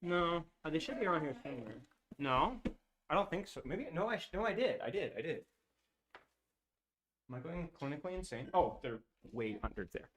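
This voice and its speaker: A man's voice: a little high, big pitch swings, a little fast, long pauses, a bit bright, a little hiss or hum. A man streaming, chatting casually with viewers while gaming, laughing often and using lots of filler words. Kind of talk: casual live-stream chat.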